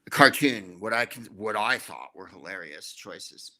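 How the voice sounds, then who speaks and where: A man's voice: on the low side, lively intonation, moderate pace, bright, forceful tone. A middle-aged American man, a guest comedian, telling rambling stories with wry jokes. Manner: rambling, wry, jokey storytelling. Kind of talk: casual anecdotal interview.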